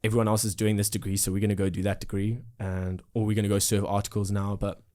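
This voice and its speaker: This South African guest, a musician in his twenties, talks fast in a lowish, mellow voice with a flat delivery. He's earnest and reflective in the casual interview, using lots of fillers and restarts.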